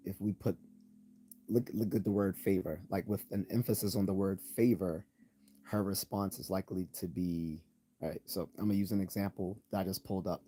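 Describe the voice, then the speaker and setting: A man hosting a live stream, explaining logical fallacies in a loose, halting way with many ums and restarts, sometimes reading out definitions. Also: low voice, fairly even intonation, mellow, slightly rough. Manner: reads out definitions and examples. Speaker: channel host.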